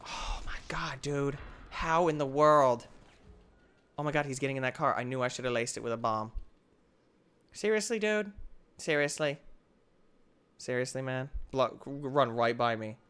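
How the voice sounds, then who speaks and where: A young man talks his way through a video game at a middle pitch, swinging from mutters to yelps as he trash-talks his friend. His commentary is casual, excitable and full of mock-drama. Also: brisk, clean tone. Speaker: gaming video host.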